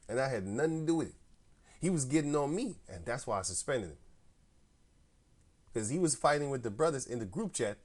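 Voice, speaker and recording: A man tells a long rambling story in slangy, profane street talk. He jumps into the voices of both sides of a heated phone fight, getting loud and high when the story heats up. His pitch sits in an ordinary middle range. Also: expressive, a little fast, long pauses. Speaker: camp member telling a story. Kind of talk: casual storytelling rant.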